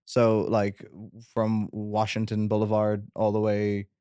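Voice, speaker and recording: A man's voice: on the low side, completely flat delivery, measured pace, warm tone, clear, resonant tone, no echo. Laid-back Irish guy rambling a story. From Ireland. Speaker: guest host. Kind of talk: casual storytelling chat.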